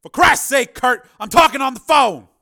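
A man's voice: high-pitched, lively intonation, measured pace, gravelly, sharp tone, voice pushed up, full character voice. A male narrator voicing a harried middle-aged doctor who exclaims in exasperation.

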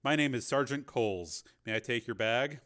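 Man reading as a formal Marine sergeant, deferential, sir-heavy, slightly raised pitch, audiobook figure. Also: moderate pace, fairly bright tone, clean tone, close to an everyday voice. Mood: courteous. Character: courteous crisp male Marine sergeant.

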